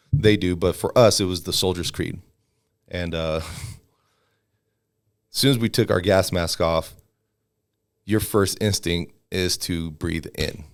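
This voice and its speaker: A man of about forty, a fighter and former soldier, telling stories casually as a podcast guest and acting out the people he quotes. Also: sits low. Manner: relaxed, acts out quoted people in raised voices. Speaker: guest, MMA fighter and army veteran. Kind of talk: casual storytelling.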